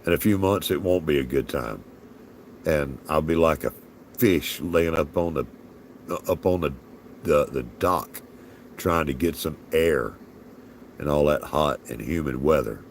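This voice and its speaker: A man's voice: a bass voice, unhurried, creaky, long pauses, slight background noise. A man with a Southern US accent rambling in folksy, chuckling casual chat as a livestream host. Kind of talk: casual live-stream chat.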